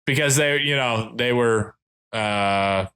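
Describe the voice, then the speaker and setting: A man co-hosting a podcast, talking in a relaxed, rambling way with self-conscious laughs. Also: mid-range voice, slow, clear, resonant tone. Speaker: podcast co-host. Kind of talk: casual chat.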